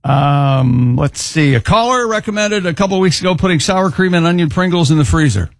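A man's voice: on the high side, animated, brisk, vocal fry, no echo, clean studio sound. A man co-hosting a radio show, reading listener letters aloud with wisecracks and frequent laughs.

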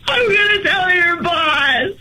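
A woman caller on a radio show, crying and shouting in a heated phone call. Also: extremely high pitch, expressive, slow pace, slight background noise.

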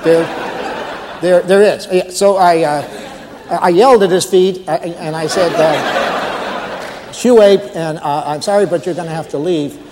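A man's voice: fairly high pitch, fairly even intonation, measured pace, long pauses, in a large hall, crowd noise, background noise, lightly acted. A man playing a nervous new male night guard who stammers politely on the phone to his boss. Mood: flustered. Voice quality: stammering, hesitant, overly polite. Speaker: comedian.

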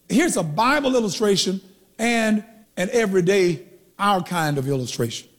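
A man's voice: high-pitched, lively intonation, moderate pace, big-room sound. A man preaching a teaching sermon, who asks the congregation questions and draws out the key words. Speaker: pastor.

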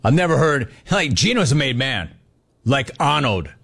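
A man's voice: mid-range voice, big pitch swings, moderate pace, creaky, fairly bright tone, slightly rough. A man hosting a sports talk radio show, emphatic and riffing on callers.

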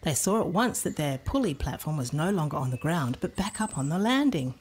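A woman reading a children's storybook aloud in an expressive, playful way. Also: low-pitched, a little fast, a little hiss or hum.

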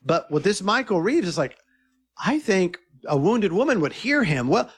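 A man's voice: high voice, moderate pace, slightly rough. A man being interviewed about his film, telling stories in a casual, eager way and often quoting what others said. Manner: animated, eager storyteller who quotes others. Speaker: filmmaker guest.

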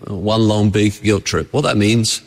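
A man's voice: lowish voice, steady tone, measured pace. Man preaching in a reverberant church. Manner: conversational, asks the congregation rhetorical questions. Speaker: pastor. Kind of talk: sermon.

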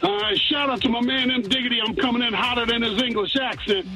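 A man's voice: very high-pitched, quick pace, gravelly, over loud music, low-quality recording. A man from Western Pennsylvania calling in to a sports radio show, boastful and jokey with trash talk. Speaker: caller.

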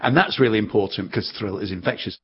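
A man speaking as a scientific expert, explaining his ideas in a measured way during an interview. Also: fairly low pitch. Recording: dull sound with clear background noise.

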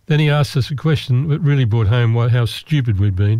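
Wry, mellow-voiced male storyteller. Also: mid-range voice, steady tone, fairly quick, few pauses, no room sound. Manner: self-deprecating, wry, rambling with restarts. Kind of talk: personal anecdote told to listeners.

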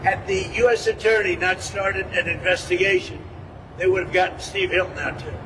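A man giving rambling, halting off-the-cuff remarks to reporters. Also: high-pitched, distant mic, noisy background. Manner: rambling, halting, repeats himself. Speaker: politician speaking to reporters.

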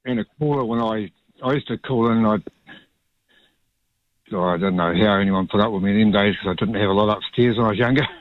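A man with a New Zealand accent calling in to talkback radio, speaking haltingly with many ums. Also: on the low side, dry recording. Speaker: caller. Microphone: phone line. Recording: dull phone line.

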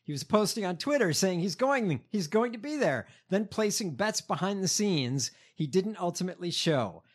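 Animated man reading news stories. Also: high-pitched, normal speed. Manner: reads stories from notes with fillers and restarts. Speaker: podcast co-host reading news. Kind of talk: casual comedic news chat.

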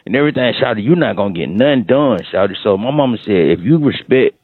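In a comedic call-in bit, a regular caller to a radio morning show talks fast and animatedly in a lowish, slightly rough voice. He rambles, repeats himself and stalls in heavy slang, over a dry, phone-quality line.

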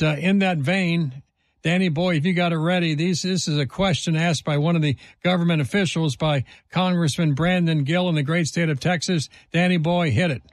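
A male talk radio host holding forth with emphatic indignation, firing off rhetorical questions. His voice sits fairly high for a man, and the studio sound is close and dry, with no room around it. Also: no room sound.

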